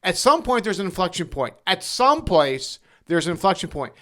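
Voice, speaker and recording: A man's voice: sits high, sing-song, normal speed, a bit bright. A man co-hosting a political podcast, posing rhetorical questions and listing points with emphasis. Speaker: podcast co-host, former governor. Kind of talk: podcast conversation.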